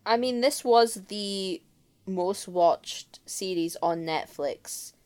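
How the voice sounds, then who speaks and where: A woman's voice: medium pitch, takes it slowly, a little mellow. A woman co-hosting a podcast in casual chat, playful and chatty, trailing off with fillers. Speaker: podcast co-host.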